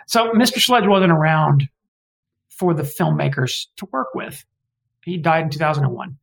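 A man's voice: a little high, normal speed, vocal fry, fairly bright tone, rough recording. A man from Alabama talking as a guest historian in an interview, digressive and opinionated, often correcting himself mid-sentence. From Alabama, US South. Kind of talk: conversational interview.

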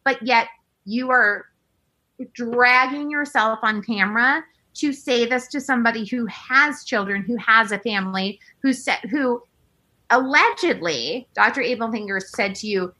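A woman with a bright, slightly high voice in casual chat. She rants quickly and with feeling, piling on fillers and the odd curse word. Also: poor audio. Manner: fast, animated ranting with lots of fillers and swearing.

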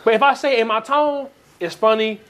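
A man's voice: extremely high pitch, steady tone, brisk, a bit bright. A young man chatting casually with friends, rambling and laughing often. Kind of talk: casual chat.

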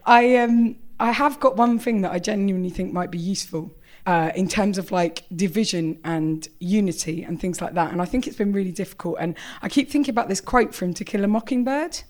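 A woman's voice: mid-range voice, fairly quick, few pauses. A British woman doing a live stand-up set, rambling and self-mocking, slipping into fake-solemn quotes and giggly asides. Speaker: stand-up comedian. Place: comedy club stage in front of a live audience. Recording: live room with loud crowd laughter.

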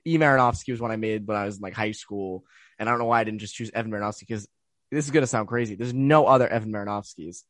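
A young man, a hockey reporter, co-hosting a casual podcast chat in a relaxed, jokey way and steering the topics. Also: lowish voice, racing, no room sound, clean studio sound.

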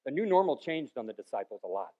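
A man preaching a sermon as pastor, with joking, rambling asides and sudden loud bursts between quieter stretches. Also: medium pitch, big pitch swings, quick pace, lo-fi sound.

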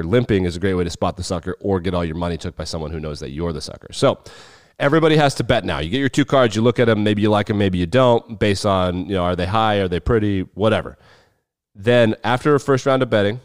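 A man's voice: fairly low pitch, dry recording, studio quality. A man co-hosting a podcast, casually explaining things step by step and swearing freely. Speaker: podcast co-host.

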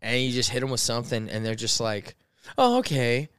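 A young man co-hosting a podcast in casual chat, laid-back and chiming in with quick jokes. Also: mid-range voice, flat delivery, sharp tone, smooth, no echo, clean studio sound. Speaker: podcast co-host.

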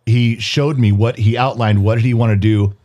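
A middle-aged man co-hosting a podcast with his wife, talking casually and acting out quotes. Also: moderate pace. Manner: animated, acts out quotes in a high voice. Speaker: podcast co-host. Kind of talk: casual chat. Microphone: studio mic.

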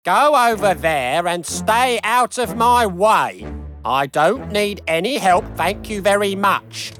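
A woman voicing a grumpy, proud male dockside crane who snaps gruffly in a storybook reading. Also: medium pitch, expressive, slow pace, fairly bright tone, soft background music. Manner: gruff, snappish.

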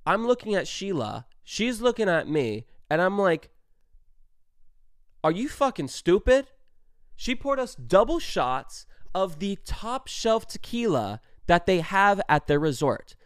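Young man, casual storytime, animated, swears a lot, emphatic, fairly high voice, dry close sound. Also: a little slow, hardly any pauses, clear, resonant tone, no room sound. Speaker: vlogger telling a story.

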